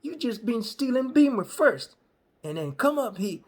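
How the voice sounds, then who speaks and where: A comedian voicing a suspicious, grumpy old male barber who rants loudly and accusingly in casual slang. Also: extremely high pitch, very animated, moderate pace, pitched above the performer's own voice, exaggerated voice. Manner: loud, accusing, rambling rant in casual slang. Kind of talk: stand-up storytelling.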